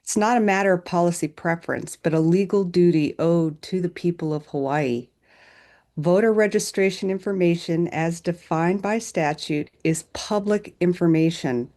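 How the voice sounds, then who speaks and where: A woman reads a firm, measured statement as public testimony at a meeting. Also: on the low side, dark tone. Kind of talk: read formal statement.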